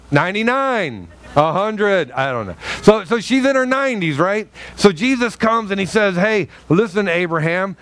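A man's voice: sits high, fairly bright tone. Joking pastor quizzing his congregation. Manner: jokey, quizzes the congregation, acts out quotes. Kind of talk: conversational sermon. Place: church sanctuary.

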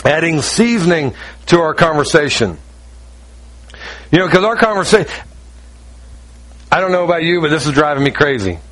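A middle-aged man preaching a sermon, high-strung and animated, telling stories with quick asides. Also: low-quality recording. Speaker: pastor.

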